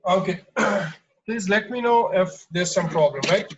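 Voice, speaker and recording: A man teaching an online exam-prep lesson, explaining slowly with lots of fillers and restarts. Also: sits high, highs cut off, slight background noise. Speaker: English teacher.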